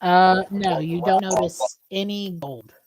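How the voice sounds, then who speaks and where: Slow-talking woman game master. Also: lowish voice, fairly even intonation, background noise. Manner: halting, restarts while describing. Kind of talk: narrating a tabletop game.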